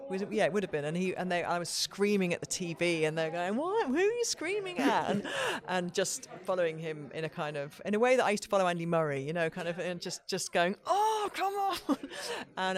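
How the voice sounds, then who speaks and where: A middle-aged woman broadcaster, a guest in a casual podcast interview, telling stories in a lively way with many "you know" fillers. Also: lowish voice.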